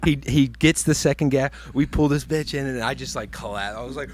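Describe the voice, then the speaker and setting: A young man excitedly telling a fishing story in casual chat, swearing and acting out what people said. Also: mid-range voice, brisk. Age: young adult.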